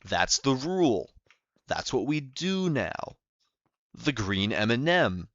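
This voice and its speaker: A man doing a slow deadpan TV pundit. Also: medium pitch, no room sound, highs cut off, full character voice. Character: stern deadpan male TV pundit.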